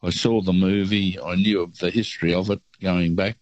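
An older Australian man phones in to a radio show and rambles easily through a story. His voice is very low. The line sounds dull and lo-fi. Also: flat delivery, normal speed, no room sound. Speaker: caller. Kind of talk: phone-in chat, telling a travel story.

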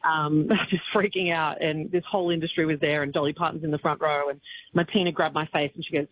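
A woman's voice: sits low, brisk. Woman guest, country singer, rambly and emotional, lo-fi radio line with light hiss. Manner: tearful but laughing, rambling with fillers. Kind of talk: emotional phone-in radio interview. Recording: dull lo-fi radio line with faint noise.

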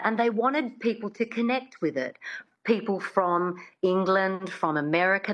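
A woman dialect coach talks on a radio program with quick enthusiasm, circling back and restarting her phrases. Her voice sits a little low and comes through a dull, muffled line. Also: a bit bright. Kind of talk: radio interview guest.

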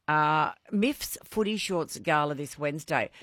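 Bubbly Australian female radio host, bright crisp tone, dry studio sound, runs a phone-in quiz. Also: low-pitched, animated, a little slow, dry recording. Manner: bubbly, laughing often. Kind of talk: casual radio quiz chat.

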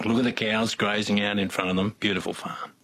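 This is an older man with an Australian accent, spinning folksy, rambling yarns in an interview. His voice sits a little low and has a husky edge, and he doubles back and restarts his sentences as he goes. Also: flat delivery, brisk, fairly bright tone. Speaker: interview guest. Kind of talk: casual storytelling.

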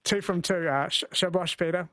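A man hosting a radio show, chatting casually with a caller, laughing easily and reading quiz questions slowly. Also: high voice, steady tone, fairly bright tone, no room sound. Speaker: radio host running a quiz.

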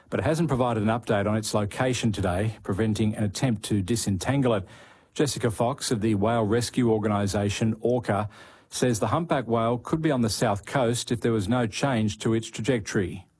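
A man reading radio news bulletins in a measured scripted way. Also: lowish voice, darkish tone, breathy edge. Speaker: news presenter.

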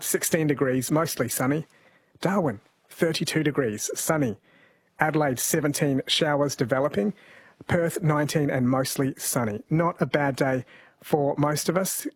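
Chatty radio host, male, slightly high and husky voice, dry studio sound. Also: no echo. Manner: chatty, reads out listener texts. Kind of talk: call-in radio show.

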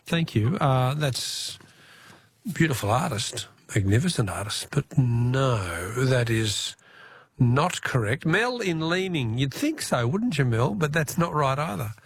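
An Australian man hosting a talkback radio quiz, chatty and quick to laugh, repeating the question for each caller. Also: medium pitch, very animated, gravelly, slightly rough, dry recording.

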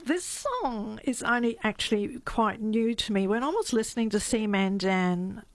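A woman's voice: on the high side, expressive, normal speed, no echo. A woman guest on a radio show, telling a personal story in a reflective, slightly emotional way. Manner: warm, reflective, gets a little emotional.

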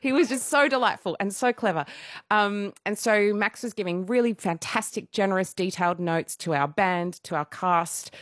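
A woman in her thirties, a musical theatre performer, telling stories as a guest in a casual radio interview, animated and self-deprecating, laughing often. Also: medium pitch, no echo, studio quality.

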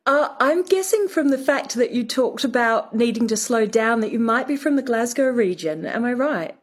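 A woman's voice: on the high side, lively intonation, normal speed, slightly rough. A woman speaking as an expert guest on a radio show, thinking aloud with many fillers. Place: radio studio.

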